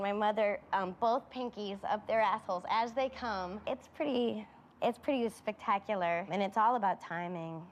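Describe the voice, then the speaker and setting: Woman comic, totally deadpan, casual and matter-of-fact. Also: medium pitch. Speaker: comedian.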